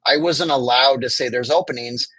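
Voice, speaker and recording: A man's voice: medium pitch, normal speed, a bit bright, husky, no echo, low-quality recording. A man speaking as a guest in an interview, making his case with passion and acting out what officials would say. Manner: impassioned, argumentative, acts out quoted officials. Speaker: homelessness advocate guest. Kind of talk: conversational interview.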